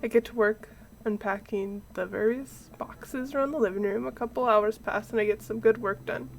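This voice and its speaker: A woman's voice: on the high side, fairly even intonation, normal speed, vocal fry, slight background noise. A young woman streaming a game, making playful, giggly asides as she plays. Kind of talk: casual gameplay commentary.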